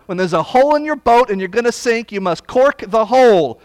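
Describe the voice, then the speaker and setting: A man preaching a Bible study sermon, blunt and folksy, swinging from loud emphasis to hushed asides. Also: very high-pitched, lively intonation, moderate pace, hardly any pauses, no room sound.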